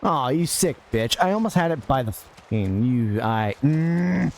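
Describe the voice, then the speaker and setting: A man's voice: mid-range voice, expressive, unhurried, a little mellow, slight background noise. A man hosting a gaming podcast, giving rambling casual commentary over gameplay with absurd jokes, frequent laughter and muttered asides at the game.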